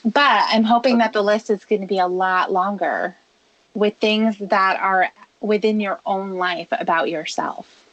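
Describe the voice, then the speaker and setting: A woman hosting a radio advice show, talking a caller through a habit in a calm, measured, coaching way. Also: medium pitch, highs cut off. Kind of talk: advice talk on a radio call.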